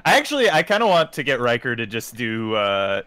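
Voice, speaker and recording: A man's voice: mid-range voice, very animated, a little fast, sharp tone, smooth, no room sound. A man chatting casually with friends and reacting with enthusiasm. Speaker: co-host in a group chat. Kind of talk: casual chat.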